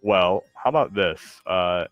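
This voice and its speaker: A man streaming a game who chats casually, talking in a halting, hesitant way full of fillers and restarts. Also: low-pitched, animated, no echo, muffled recording, soft background music. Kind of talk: casual chat while gaming.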